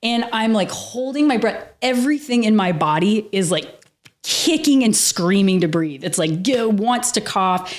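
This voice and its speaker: A woman guest on a podcast interview, telling a personal story in a lively, casual way, laughing often and swearing freely. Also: medium pitch, unhurried.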